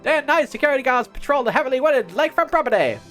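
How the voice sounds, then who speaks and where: A woman putting on the voice of a brisk 1930s newsreel announcer, reading in an emphatic announcer cadence. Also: high voice, expressive, fairly bright tone, faint music behind, pitched above the performer's own voice. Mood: announcing. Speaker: streamer. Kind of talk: mock newsreader voice.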